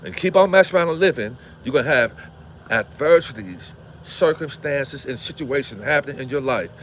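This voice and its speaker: A man's voice: mid-range voice, expressive, normal speed, a bit bright, slight background noise. A man from Gary, Indiana, hosting a livestream, preaching with repeated rhetorical questions and swearing. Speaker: livestream host. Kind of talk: impassioned livestream monologue.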